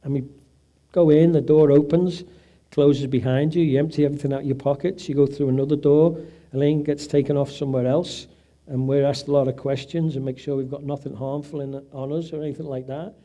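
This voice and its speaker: A man's voice: a little high, steady tone, a little fast, mellow. A middle-aged man giving an emotional personal testimony at an event, acting out the voices of people he quotes. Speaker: event speaker, patient's husband.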